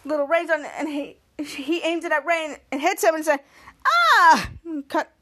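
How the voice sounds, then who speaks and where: Woman, high voice, podcast host, scene-by-scene episode recap, quoted lines in a raised voice. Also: steady tone, a little fast.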